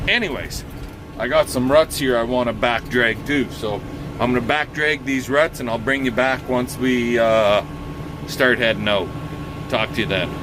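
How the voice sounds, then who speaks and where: Out on his farm, in and around the machinery, a man who runs a farm channel chats in a casual vlog style at medium pitch. He's laid-back, drifts from point to point, and leans on drawn-out filler words. The outdoor recording is noisy, carrying engine sounds and ambient noise.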